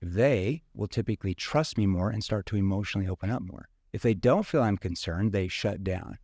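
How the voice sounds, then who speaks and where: A man's voice: fairly low pitch, fairly quick, darkish tone, dry recording, clean studio sound. A man from rural Missouri, a sales trainer talking casually in an interview and acting out questions in different tones.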